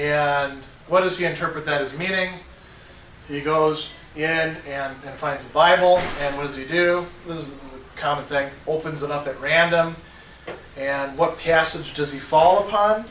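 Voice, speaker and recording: A man's voice: a little high, normal speed, fairly bright tone, slight background noise. A male philosophy professor giving a conversational classroom lecture, self-deprecating and full of "you know," recorded from a distance in an echoey room. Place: college classroom. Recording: echoey room, mic far off, faint ambience.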